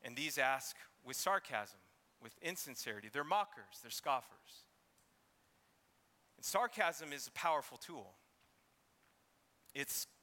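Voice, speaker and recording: A man's voice: mid-range voice, pushed and bright, in a large hall. A man preaching an expository sermon, reading scripture and sometimes acting out mocking voices. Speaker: pastor.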